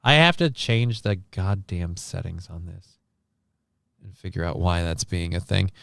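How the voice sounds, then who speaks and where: Casting note: male streamer, casual and crude, smooth clear voice, dry close mic. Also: deep voice, unhurried, a bit bright, dry recording. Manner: offhand, profane, reads chat and news aloud. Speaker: livestream host. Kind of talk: casual livestream chat.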